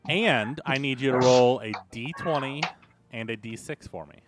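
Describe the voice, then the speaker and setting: A man with a mid-pitched voice narrating as game master of a tabletop game. He describes the scene at a steady pace and asks players for dice rolls. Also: normal speed, background noise.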